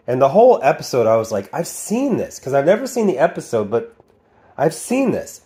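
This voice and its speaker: A man's voice: medium pitch, darkish tone. A man in his forties from the Midwestern United States giving casual video commentary, sarcastic and prone to mocking, exaggerated voices when he quotes. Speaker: video reviewer.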